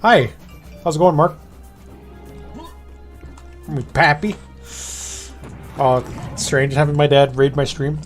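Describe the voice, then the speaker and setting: Jokey streamer man, higher voice. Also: takes it slowly, long pauses, soft background music. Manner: jokey, talks with a mouthful, reads text aloud. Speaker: streamer hosting a game stream. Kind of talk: casual chat.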